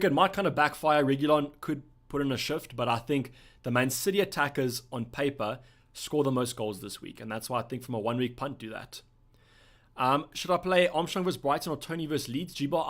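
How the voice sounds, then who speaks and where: Relaxed young man from South Africa. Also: mid-range voice. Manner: relaxed, thinking aloud with fillers. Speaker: livestream host. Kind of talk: casual live-stream chat reading viewer questions.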